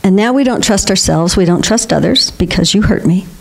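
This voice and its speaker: A woman's voice: medium pitch, brisk, creaky. Older lady giving a spiritual talk, laughs a lot while she tells stories. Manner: warm storytelling with frequent laughter. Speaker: guest speaker.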